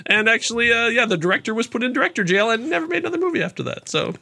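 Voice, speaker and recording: A man's voice: extremely high pitch, animated, very fast, gravelly, sharp tone. A man co-hosting a casual movie podcast, rambling through restarts and laughing often. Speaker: podcast co-host.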